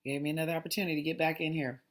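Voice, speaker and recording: A woman's voice: low voice, steady tone, racing. A woman hosting a casual mindfulness talk, reading aloud in a chatty, digressive way and often restarting her lines. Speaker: host.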